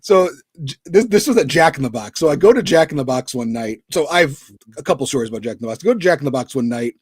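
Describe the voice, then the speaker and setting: A man's voice: mid-range voice, animated, fast, husky, dry recording, clean studio sound. A man co-hosting a casual podcast chat, rambling through anecdotes and quoting people in disbelief. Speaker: podcast co-host.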